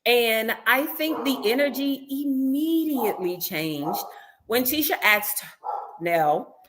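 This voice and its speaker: Animated woman with a lively voice. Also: a little high, slow, background noise. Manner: animated storytelling, acting out others' lines. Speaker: reality show cast member guest. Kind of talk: casual interview, recounting events.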